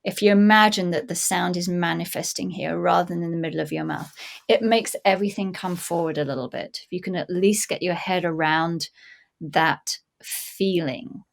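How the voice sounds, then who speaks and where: A woman's voice: lowish voice, steady tone, normal speed, gravelly. A woman giving blunt, instructive acting coaching over a video call, in a casual talk.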